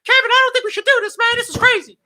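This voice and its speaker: Brief: man putting on a jittery, whiny manager voice, very high and shrill, bright edge. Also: fairly even intonation, very fast, exaggerated voice. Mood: panicky. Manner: pleading, panicky high squeal. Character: nervous, whiny male wrestling manager.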